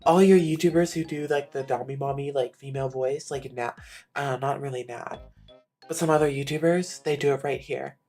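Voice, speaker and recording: A woman streaming a game, chatting casually with a raspy voice and a rambling, filler-heavy way of talking. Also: extremely low pitch, steady tone, moderate pace, warm tone, soft background music.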